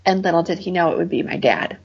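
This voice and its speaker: A woman's voice: fairly low pitch, quick pace, husky, dull audio. A middle-aged woman from Michigan sharing a heartfelt personal testimony as an interview guest. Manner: earnest, heartfelt storytelling.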